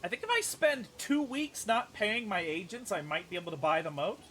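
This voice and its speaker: Male streamer, bright and sharp, casual let's play chatter with faint room noise. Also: high-pitched, very animated, brisk. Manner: casual, swearing, thinking aloud.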